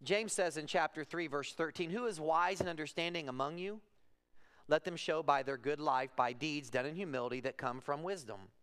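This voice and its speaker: A man in his forties preaching a sermon in a church, telling personal stories in a conversational way that moves from soft to emphatic. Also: fairly high pitch, moderate pace, clean tone. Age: 40s. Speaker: pastor. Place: church sanctuary.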